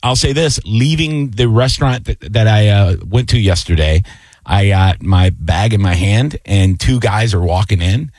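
A man's voice: normal speed, dry recording. A man hosting a radio after-show, chatting loosely in the studio. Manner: loose and chatty, breaks into excited high-pitched impressions. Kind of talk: casual studio banter.

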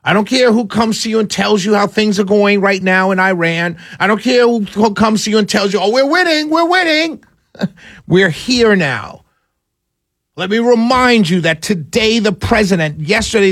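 A man's voice: sits high, a bit bright, no room sound, studio quality. A man hosting a talk radio show, delivering an emphatic political monologue that repeats points and lectures his listeners.

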